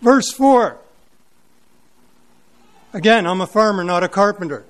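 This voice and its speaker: A man's voice: sits high, animated, measured pace. A man preaching a sermon, emphatic and questioning, repeating words for weight.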